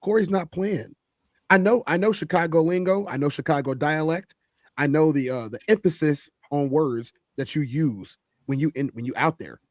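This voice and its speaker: A man's voice: a little high, normal speed, no echo. A man hosting a heated panel discussion, emphatic and repeating phrases for stress.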